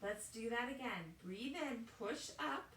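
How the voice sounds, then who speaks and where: A woman reading a picture book aloud and leading young children through yoga poses, gentle and encouraging. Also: on the high side, expressive, a little slow, roomy sound, recorded from a distance, a little hiss or hum. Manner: gentle, encouraging, sing-song teacher's voice.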